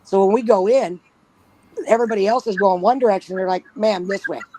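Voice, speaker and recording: A woman's voice: mid-range voice, fast, mellow, no room sound, rough recording. A woman telling a story in casual talk at home, blunt and swearing freely, often giggling. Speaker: panel guest. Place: at home with pets nearby. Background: dog snoring.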